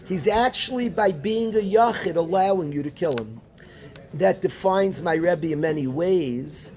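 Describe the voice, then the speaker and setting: A man, a rabbi teaching a Talmud class, animated, calling on students by name and repeating his questions. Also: high voice, measured pace. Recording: room noisy with student chatter.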